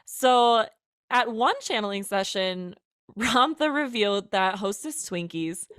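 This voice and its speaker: A woman's voice: medium pitch, lively intonation, slow pace, fairly bright tone, clean tone, no echo, clean studio sound. A woman co-hosting a casual podcast chat, talking freely with fillers and frequent laughter. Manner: chatty, laughs often, many fillers. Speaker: podcast co-host.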